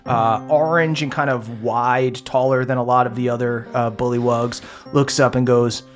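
A man's voice: medium pitch, fairly even intonation, normal speed, soft background music. A man running a tabletop game as game master, narrating loosely and laughing often.

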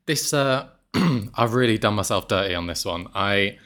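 Male podcast host, casual, self-mocking, lots of laughter, lowish voice. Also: normal speed, pushed and bright. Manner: laughs often, self-deprecating. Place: apartment in Mexico.

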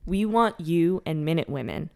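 A woman's voice: low-pitched, lively intonation, normal speed, creaky, warm tone. A woman co-hosting a casual chat podcast, wry and giggly, from Canada. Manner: wry, giggly, reads quotes aloud in put-on voices. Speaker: podcast co-host.

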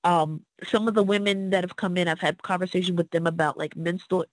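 A woman's voice: lowish voice, a little fast, no room sound, low-quality recording. A woman as a podcast guest, telling her own story in an earnest, casual way and acting out the people she quotes. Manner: earnest, acts out quoted people in lively voices.

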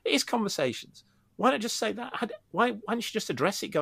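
A man who coaches tennis, co-hosting a casual podcast and talking in an animated way with frequent restarts. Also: sits high, quick pace, gravelly, slightly rough, dry recording, clean studio sound. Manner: animated, restarts often, acts out quotes.

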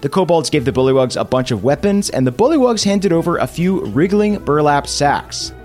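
A man game master, hosting and narrating a tabletop game recap in a playful, animated storytelling way. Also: a little high, moderate pace, soft background music.

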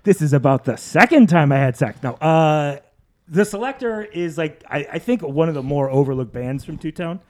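A man's voice: a little high, moderate pace. Middle aged guy cohosting a podcast, voice bounces all over, cracks jokes. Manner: animated, jokey storyteller. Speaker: podcast co-host. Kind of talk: casual chat.

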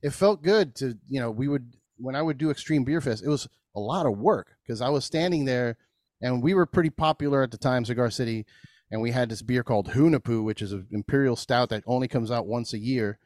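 A man on a podcast telling stories in an animated way, swearing freely, laughing often and acting out voices. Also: medium pitch, fairly quick, dry recording. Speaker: podcast guest, beer brewer. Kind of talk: casual storytelling chat.

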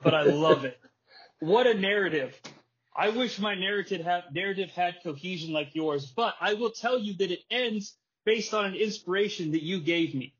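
A man with a husky, fairly high voice talks as a podcast host, spinning an animated story and dropping in quick impressions. The audio is dull and lo-fi. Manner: animated storytelling, acts out wrestler quotes and laughs often. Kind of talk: casual chat.

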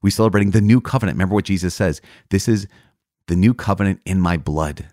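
A man's voice: low voice, fast, a little mellow, no echo, studio quality. A man, a priest, teaching in an earnest storytelling way, repeating key lines for emphasis. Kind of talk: podcast teaching on scripture.

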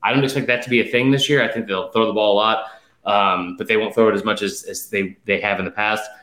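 A man's voice: lowish voice, steady tone, bright, forceful tone, echoey room. Emphatic man rattling off stats, slightly breathless. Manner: rapid stat-heavy, emphatic, with fillers. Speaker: podcast host. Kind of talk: casual sports betting chat.

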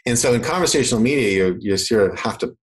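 Talking at a quick pace in a husky, mid-range voice, this Canadian man, his accent mostly faded, explains marketing in a casual chat. He's animated, performing quoted voices as he goes, and the recording is rough.

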